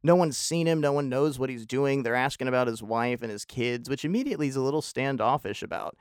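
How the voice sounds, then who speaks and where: A man's voice: mid-range voice, fast talker, smooth, no echo, studio quality. A man hosting a podcast, giving an opinionated, rambling solo film review with wry asides.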